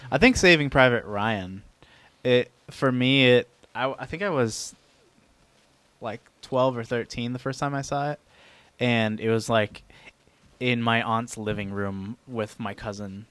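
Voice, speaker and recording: A man hosting a casual podcast chat, quick and joking with his guests. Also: mid-range voice, fairly bright tone, no echo. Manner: quick, laughing, banters with guests. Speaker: podcast host.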